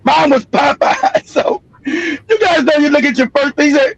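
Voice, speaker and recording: A man's voice: extremely high pitch, moderate pace, vocal fry, no room sound, low-quality recording. A middle-aged man giving heated, profane commentary on a livestream, swearing freely and laughing at his own jokes.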